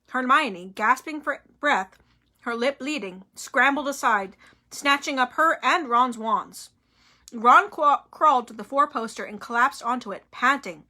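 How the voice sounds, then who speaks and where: A woman reading a novel aloud in an expressive, dramatic way. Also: high voice.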